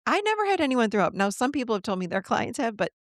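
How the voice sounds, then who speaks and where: A woman's voice: a little high, big pitch swings, fast, dry recording, clean studio sound. A woman guest on a podcast interview, talking earnestly in a coaching manner and acting out the voices of the people she quotes.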